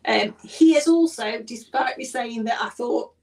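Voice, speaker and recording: Woman podcast host, high-ish voice, chatty news reader with asides, mic set a bit far off. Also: a little slow, vocal fry, darkish tone. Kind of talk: casual podcast chat. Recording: distant mic.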